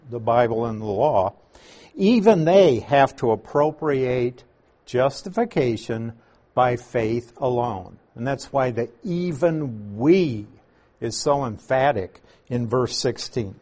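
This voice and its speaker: A male Bible teacher working through a passage with measured, deliberate delivery. His voice is somewhat husky and sits at an ordinary middle pitch. He takes his time, pausing to stress each key word. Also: darkish tone.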